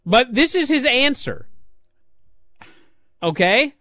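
Lively, exasperated male podcast co-host. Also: very high voice, slow pace, no echo, studio quality. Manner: animated, exasperated ranting with mocking quoted readings. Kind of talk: casual wrestling discussion.

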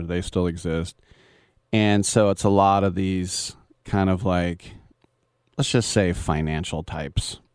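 A man's voice: sits low, no echo, studio quality. A man in his fifties, a sports radio host, telling rambling anecdotes in a casual monologue, chuckling and quoting people as he goes. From Bay Area.

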